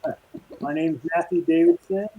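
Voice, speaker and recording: A man's voice: extremely high pitch, big pitch swings, normal speed, vocal fry. A man in his fifties, a guest speaking over a video call, cheerful and laughing as he talks. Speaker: guest costume designer. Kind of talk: casual video-call interview. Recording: tinny, dry video-call audio.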